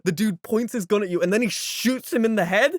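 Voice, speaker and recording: A man co-hosting a podcast in casual chat, telling stories in an animated way full of fillers. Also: sits high, fairly quick, no room sound, studio quality. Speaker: podcast co-host.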